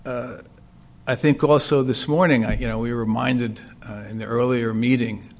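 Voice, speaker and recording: A man's voice: mid-range voice, steady tone, normal speed. A man reading scripture aloud and then explaining it, with frequent fillers and restarts. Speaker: Bible teacher.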